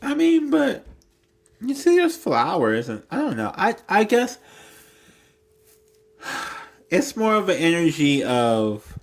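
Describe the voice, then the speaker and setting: A man's voice: high voice, huge pitch swings, slow, creaky, pauses often. Blunt, rambling man reading tarot. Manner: rambling, blunt, swears freely, lots of "like". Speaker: tarot reader.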